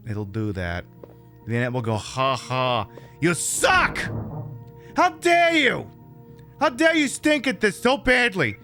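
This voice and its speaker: A man chats his way through a game stream in a rambling, self-mocking voice. His bright tone swings widely in pitch, and faint game music plays behind him. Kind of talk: live gameplay commentary.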